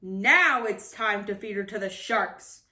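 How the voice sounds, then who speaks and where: A woman voicing a gruff, short-tempered male pirate captain who growls and shouts threats in a storybook reading. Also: a little high, animated, moderate pace, far from the mic. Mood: blustering. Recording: roomy echo.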